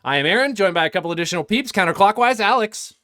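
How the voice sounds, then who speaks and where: A man hosting a casual group podcast, playful and quick to laugh, running through the show intro. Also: high-pitched, lively intonation, sharp tone, no room sound, clean studio sound. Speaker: podcast host.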